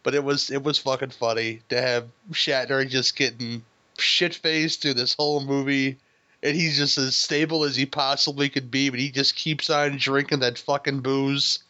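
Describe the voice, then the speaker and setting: A man's voice: mid-range voice, little pitch movement, normal speed, sharp tone. A man hosting a casual movie review podcast, laughing and swearing often as he rambles with restarts. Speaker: podcast host. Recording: dull lo-fi sound.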